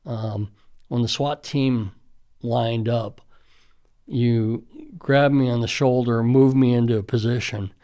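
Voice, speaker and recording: A man's voice: medium pitch, fairly even intonation, slow pace, mellow. A middle-aged man, a school safety official, earnestly reminiscing in conversational storytelling with frequent fillers.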